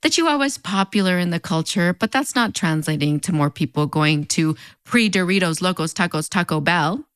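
A woman's voice: on the low side, animated, a little fast, hardly any pauses, fairly bright tone, no room sound, clean studio sound. A woman with a fronterizo border accent, narrating a scripted video essay in a wry, conversational way with playful sarcastic asides. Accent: fronterizo Mexican border Spanish-influenced English.

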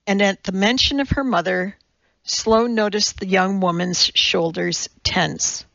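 A woman narrates a novel in an even, measured way. Her delivery is unhurried and gravelly, in a dry room. The recording has a dull, lo-fi sound. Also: mid-range voice, dry recording. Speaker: audiobook narrator. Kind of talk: scripted narration.

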